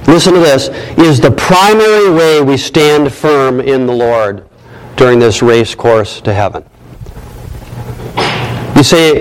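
A man's voice: mid-range voice, lively intonation, a little slow, low-quality recording. A man preaching a sermon as pastor, emphatic, repeating key phrases and asking rhetorical questions.

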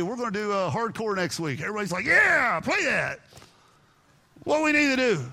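A pastor preaching with a high, bright, ringing voice. He drives his points home emphatically, at times nearly shouting, then drops into quiet, earnest talk. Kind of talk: sermon.

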